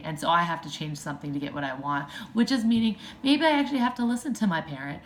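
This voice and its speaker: A woman parenting coach talking straight to parents in a chatty, direct podcast monologue. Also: lowish voice. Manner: direct, advising, chatty with fillers.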